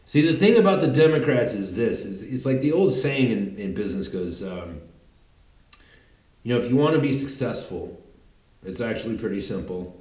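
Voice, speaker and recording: A man's voice: mid-range voice, animated, normal speed, a little mellow. Rambling man in an echoey room. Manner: rambling, emphatic, many restarts and rhetorical asides. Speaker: political commentator. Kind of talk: casual political monologue.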